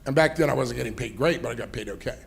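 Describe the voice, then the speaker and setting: Gravelly middle-aged man telling rambling stories. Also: mid-range voice, rapid-fire. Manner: rambling storyteller, heavy "you know" fillers, laughs while talking. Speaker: entrepreneur and investor, interview guest. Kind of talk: fireside chat on stage.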